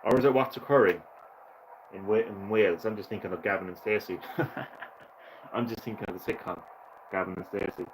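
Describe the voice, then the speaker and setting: A man's voice: low-pitched, fairly even intonation, fairly quick, pauses often, noisy background. A man giving casual let's play commentary, rambling and correcting himself, with sarcastic, profane rants at the characters. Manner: sarcastic, profane ranting asides; rambling, self-correcting chatter. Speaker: gaming channel host.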